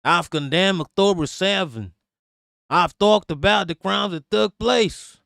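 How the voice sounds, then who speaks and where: A man putting on an American accent to imitate a male politician giving a formal, measured statement. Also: high-pitched, creaky, a bit bright, dry recording, clean studio sound, pitched above the performer's own voice, heavily acted. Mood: earnest.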